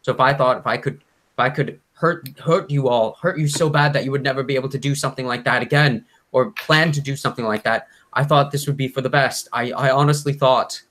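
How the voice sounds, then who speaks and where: A man's voice: deep voice, steady tone, slow, a bit bright, heavily acted. A man voicing a frightened balding male prisoner who stammers and pleads desperately. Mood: tearful confession.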